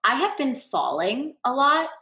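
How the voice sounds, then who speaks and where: A woman's voice: high voice, very animated, unhurried, bright, forceful tone. A woman co-hosting a podcast in casual chat, talking freely with many fillers and easy laughs. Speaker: podcast co-host. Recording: roomy echo.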